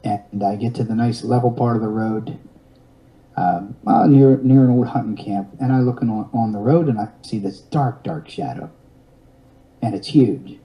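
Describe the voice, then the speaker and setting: A man's voice: fairly low pitch, normal speed, mellow, rough recording. A man in his fifties telling a long personal story in an interview, rambling along with restarts and wry, self-mocking humor. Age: 50s.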